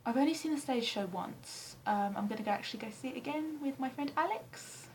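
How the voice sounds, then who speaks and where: A young woman from England chatting casually to camera in her flat, rambling and self-deprecating with frequent ums and the odd swear word. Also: high voice, fairly quick, slight background noise, low-quality recording. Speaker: vlogger answering a tag questionnaire. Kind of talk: casual chat. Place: flat, indoors.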